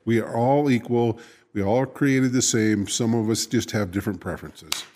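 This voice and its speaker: A man co-hosting a casual chat show, who talks haltingly, restarts and repeats words, and laughs often. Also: medium pitch, a little mellow, a little hiss or hum. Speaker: co-host.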